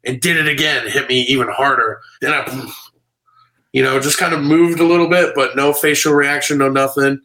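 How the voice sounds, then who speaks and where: A man, a comedian guest, telling animated stories on a video call from his room, full of "you know" and "like". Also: mid-range voice, moderate pace, low-quality recording. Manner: animated, filler-heavy storytelling. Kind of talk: casual storytelling on a video call. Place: home room.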